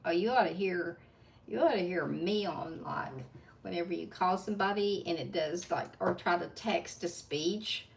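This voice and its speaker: A woman with a strong Appalachian drawl chats with her livestream viewers while working on nail art at her home desk. Her voice has a gravelly fry and a chatty, laughing manner. The mic sits some distance away, with a faint hiss underneath. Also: on the low side, normal speed. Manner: chatty, laughing asides, talks to viewers while doing nails. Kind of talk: casual chat while working.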